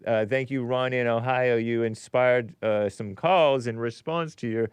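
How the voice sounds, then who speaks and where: Dude hosting a call-in show, smooth clear voice, keeps saying yeah and right, dead dry sound. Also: male voice, medium pitch, measured pace, no echo. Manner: short agreeing replies, laughs along. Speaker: talk show host. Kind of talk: casual call-in chat.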